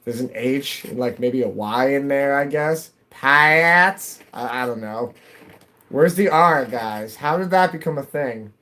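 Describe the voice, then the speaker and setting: A man's voice: medium pitch, unhurried. A man from New England chatting casually with his viewers while gaming, rambling from topic to topic and laughing often. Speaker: live streamer.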